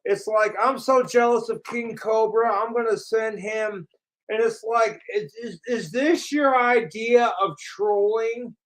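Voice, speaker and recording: Slow-talking man ranting with profanity. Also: high voice, fairly bright tone, low-quality recording. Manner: profane, mocking, laughing at his trolls. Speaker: vlogger. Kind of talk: casual ranting to camera.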